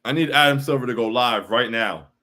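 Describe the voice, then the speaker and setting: A man's voice: medium pitch, a little fast, sharp tone. A young man hosting a postgame livestream, frustrated and repetitive, often saying bro while reacting to chat. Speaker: postgame show host.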